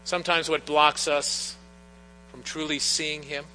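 A middle-aged pastor delivers an earnest, story-driven sermon in a bright, ringing voice pitched a little high. His words echo through a church with long reverb, and a faint mains hum sits underneath. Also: little pitch movement, unhurried. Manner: earnest, storytelling with personal anecdotes. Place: church sanctuary.

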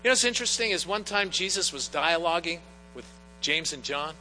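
Middle-aged pastor man telling stories in his sermon, bright voice, long echo in the church, bit of hum. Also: on the high side, expressive, brisk. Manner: earnest, storytelling with personal anecdotes. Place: church sanctuary. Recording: long church reverb, faint mains hum.

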